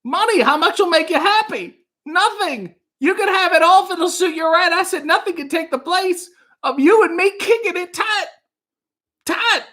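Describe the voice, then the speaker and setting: Comic nasal high crooner impression, lively and wavering. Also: male voice, normal speed, exaggerated voice. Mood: crooning. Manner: comic impression singing a pop song. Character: jittery high-voiced man crooning a love song.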